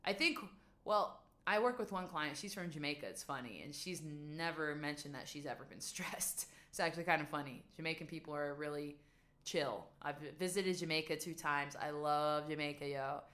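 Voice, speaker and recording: A woman's voice: deep voice, normal speed, a bit bright. A young woman from West Virginia, talking casually to camera as a vlogger and coach, emphatic and chatty with many rhetorical questions. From West Virginia, USA. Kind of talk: casual advice monologue.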